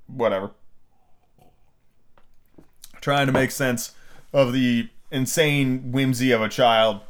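A man's voice: mid-range voice, fairly even intonation, measured pace, clean tone. A man casually reading a book aloud as a podcast host, with fillers, slips and crude asides.

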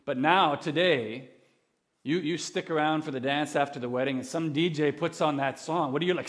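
A man preaching a sermon in an earnest, conversational way, animated and full of restarts. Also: moderate pace. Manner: animated, acts out quoted voices with big pitch swings. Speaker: pastor.

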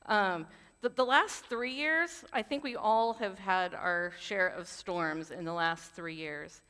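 A woman's voice: on the low side, slow, sharp tone, smooth. A woman giving a sermon in an earnest, conversational way, with candid personal asides. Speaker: preacher. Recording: long hall reverb.

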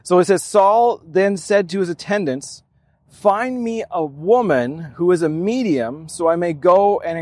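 Male preacher, slightly high voice, relaxed conversational Bible study delivery. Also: dry recording. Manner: conversational, reads scripture then explains with restarts. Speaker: pastor. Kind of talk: sermon, Bible teaching.

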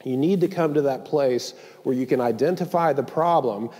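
A man's voice: mid-range voice, normal speed, dark tone, long reverb tail. Man preaching conversationally with joking asides. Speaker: pastor. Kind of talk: sermon.

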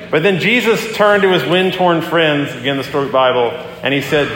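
A man preaching a sermon as a pastor, talking in a conversational, animated way as he tells a story and acts out the quotes. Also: on the high side, moderate pace, few pauses, a little hiss or hum. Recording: echoey hall with long reverb.

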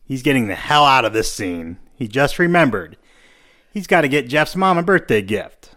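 A man's voice: medium pitch, expressive, moderate pace, bright, forceful tone. A man co-hosting a podcast, casually recapping scenes and acting out the characters' lines. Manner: narrates scenes, acts out lines. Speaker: podcast co-host. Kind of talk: casual chat, recapping an episode.

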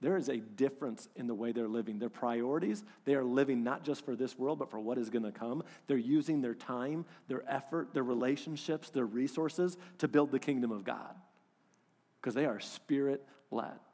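Pastor guy preaching, gets loud then goes quiet, kinda echoey hall sound. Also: medium pitch, normal speed. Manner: animated, swings from loud to hushed. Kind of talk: sermon.

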